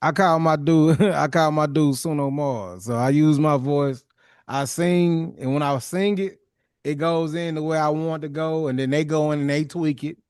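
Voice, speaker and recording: A man hosting a podcast in casual chat, laid-back and quick to laugh. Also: fairly high pitch, fairly even intonation, a little mellow, clear, resonant tone, no echo, clean studio sound. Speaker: podcast host.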